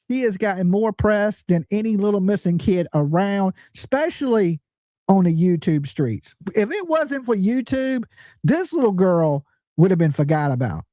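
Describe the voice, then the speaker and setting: A woman's voice: mid-range voice, mellow, no echo, studio quality. A woman hosting a true crime commentary, blunt and emphatic, swearing and firing rhetorical questions at her viewers. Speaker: true crime channel host.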